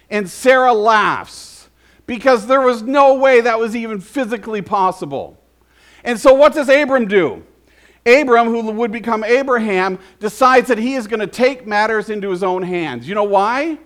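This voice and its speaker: Guy with a pretty high voice preaching, chatty sermon, keeps asking the crowd stuff. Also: animated, normal speed, a bit bright. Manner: conversational, quizzes the congregation with questions. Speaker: pastor.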